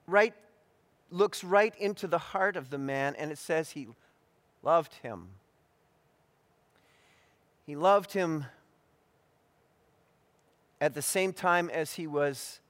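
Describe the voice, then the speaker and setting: Higher-voiced male preacher in a reverberant hall. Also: a bit bright. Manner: measured, deliberate delivery with frequent restarts and fillers. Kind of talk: expository sermon.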